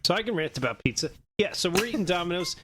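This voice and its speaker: A man's voice: sits high, lively intonation, quick pace, background noise. A man co-hosting a casual podcast, rambling through a rant with many fillers. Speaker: podcast co-host. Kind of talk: casual chat.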